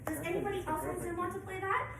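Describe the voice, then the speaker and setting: A woman's voice: extremely high pitch, steady tone, quick pace. A woman teaching a middle school band class, encouraging and upbeat as she counts the students in. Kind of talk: leading a band rehearsal. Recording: echoey room from far off, noisy.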